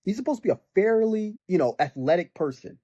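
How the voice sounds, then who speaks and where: A man's voice: high-pitched, lively intonation, fast talker, mellow, no echo, lo-fi sound. A young man ranting casually about a video game, rambling with lots of fillers and mocking the characters in exasperated bursts. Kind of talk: casual rant.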